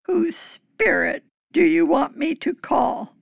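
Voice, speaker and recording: Shrill fearful village medium, high and gravelly, slow, dry. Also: female voice, sing-song, no room sound, lo-fi sound, heavily acted. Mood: frightened. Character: frightened female village medium, scolding. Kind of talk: audio drama acting.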